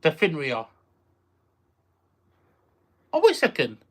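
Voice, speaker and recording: The pitch sits in the middle but swoops wildly, and the pace is slow. In a casual livestream, this streamer rambles, repeats phrases, trails off groping for words, and reacts aloud to what viewers type.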